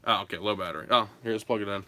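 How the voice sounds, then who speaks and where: A man from Pennsylvania telling stories and answering viewer questions in a casual, animated home vlog, often breaking into laughter. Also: lowish voice, very fast. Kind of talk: casual storytelling Q&A. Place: his home.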